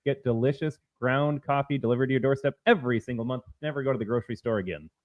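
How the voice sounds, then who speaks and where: A man's voice: mid-range voice, fast, narrow, tinny audio. A man co-hosting a political talk stream, blunt and opinionated, ranting at length to his audience. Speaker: podcast co-host. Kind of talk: political talk show banter.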